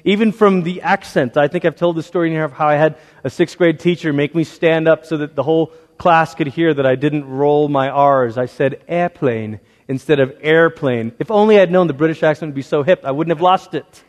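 Emphatic preaching man with a high voice. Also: fairly even intonation, fairly quick, hardly any pauses. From Malaysia. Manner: emphatic preaching with repeated rhetorical phrases and big swings from loud to hushed. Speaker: pastor. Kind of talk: sermon. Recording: long reverb of a large hall.

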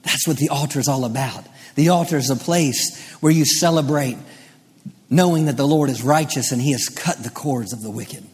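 Man, pastor, sermon, quiet then building emphasis, long hall reverb. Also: mid-range voice, normal speed, husky. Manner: preaching, swings from quiet teaching to rising emphatic delivery.

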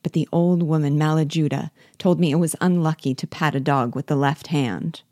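A woman's voice: deep voice, steady tone, normal speed, a little mellow, dry recording, studio quality, close to an everyday voice. A woman voicing a loyal, sentimental old male army sergeant who speaks humbly and rambles. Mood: earnest, humble.

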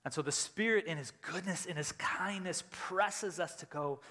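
A middle-aged man, a lead pastor preaching a sermon, telling a personal story and loudly acting out his own reactions. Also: on the high side, normal speed. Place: church sanctuary. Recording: church hall with long reverb.

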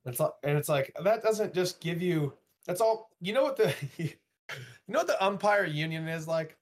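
A man co-hosting a casual podcast chat, rambling with profanity and halting restarts. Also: high voice, animated. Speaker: podcast co-host.

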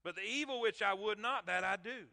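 A man's voice: sits high, fairly quick, vocal fry, bright, forceful tone. A man preaching a sermon, emphatic and calling out to his congregation. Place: church sanctuary. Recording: long hall reverb in church.

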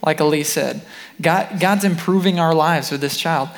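A young man sharing a personal faith testimony alongside his wife, earnest and lively when he quotes himself. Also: on the high side, moderate pace, vocal fry, long reverb tail.

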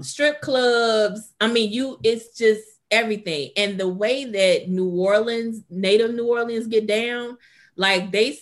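A woman in casual chat, telling a story in a laid-back, drawn-out way. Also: mid-range voice.

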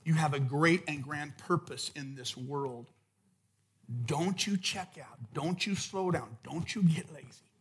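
A man preaching a sermon as pastor, impassioned, swinging from loud shouts to hushed intensity. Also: a little high, unhurried. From California.

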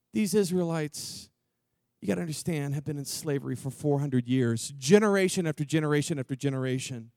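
A man preaching a sermon in a church, acting out Bible characters with lively swings from loud to hushed. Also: on the high side, brisk, dry recording, studio quality. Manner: animated, acts out Bible characters, drops to near whisper. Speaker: pastor. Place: church auditorium.

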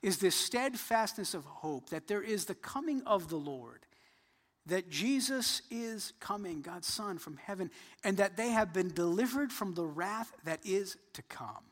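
High-voiced pastor preaching in a reverberant hall. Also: male voice, expressive, measured pace. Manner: earnest, builds emphasis then drops soft. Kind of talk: sermon.

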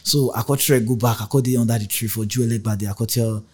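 Nigerian man, Warri pidgin accent, young adult, middle-pitched voice, animated storyteller, switches between pidgin and English. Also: fast, breathy edge. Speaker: rapper, guest. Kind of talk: casual storytelling interview.

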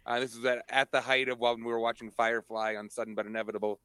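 Un hombre que participa en un pódcast y cuenta una anécdota en tono bromista y autocrítico. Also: male voice, mid-range voice, pushed and bright, smooth, dry recording. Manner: self-deprecating, joking. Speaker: podcast co-host. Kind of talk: casual podcast chat.

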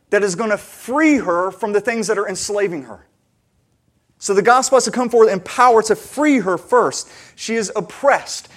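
Preaching a sermon in a slightly higher voice, this earnest male pastor keeps things conversational with fillers and restarts before building into louder, emphatic passages.

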